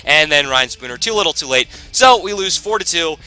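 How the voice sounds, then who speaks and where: A man commentating his own hockey video game season, excitable and quick to shout at big plays, with rambling asides. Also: fairly high pitch, clear, resonant tone, rough recording. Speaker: gaming YouTuber.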